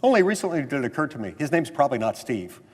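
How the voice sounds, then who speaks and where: A man's voice: mid-range voice, big pitch swings, racing, slightly rough. An American man, a senator, giving a floor speech that moves from a storytelling anecdote into an earnest, insistent argument. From United States. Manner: storytelling, mimics others in quotes, then earnest and insistent. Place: legislative chamber. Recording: long reverb of a large chamber.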